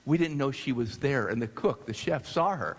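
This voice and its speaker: A man from the United States telling a story to an audience, animated and halting with restarts. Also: mid-range voice. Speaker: speaker. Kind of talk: storytelling talk. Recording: long hall reverb.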